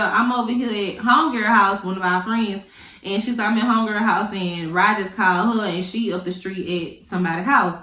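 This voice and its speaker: Young woman, animated profane storyteller, echoey room. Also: mid-range voice. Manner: animated, profane, dramatic retelling. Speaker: vlogger. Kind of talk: casual storytime.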